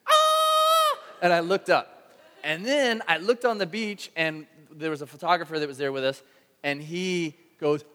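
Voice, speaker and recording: A man preaching a sermon to a congregation, telling a story with animated energy and acting out his own shouts. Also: fairly high pitch, normal speed. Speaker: pastor. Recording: long hall reverb.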